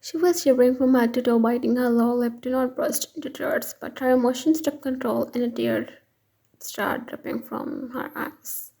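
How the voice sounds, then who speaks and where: A woman reading a fan fiction story aloud in an even, unhurried way. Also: on the high side, vocal fry, low-quality recording.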